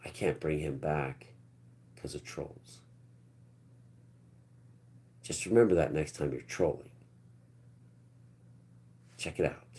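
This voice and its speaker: A man in his fifties with a very low voice talks loosely to his livestream chat. He wanders from point to point and often drops into quiet mutters. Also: slow, long pauses. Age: 50s. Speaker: livestream host. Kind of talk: rambling live-stream chat with viewers.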